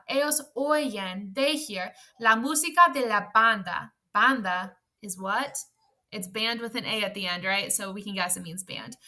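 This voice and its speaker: A woman's voice: on the high side, pushed and bright. A young woman teaching a video lesson in a chatty, upbeat way, often checking in with "right?". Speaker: Spanish teacher.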